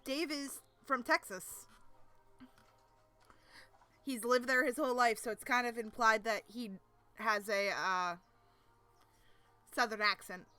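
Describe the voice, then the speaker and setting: A woman's voice: fairly high pitch, takes it slowly, long pauses, bright, forceful tone, clean tone, soft background music. A woman streamer reading a webcomic aloud on a casual live stream, chatting and laughing between passages. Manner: chatty, laughs often, asides to chat.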